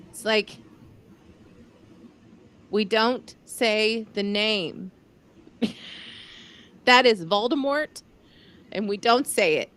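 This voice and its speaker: A woman's voice: medium pitch, a bit bright. A woman in her forties co-hosting a live podcast in casual chat, teasing and laughing often. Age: 40s. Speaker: podcast co-host.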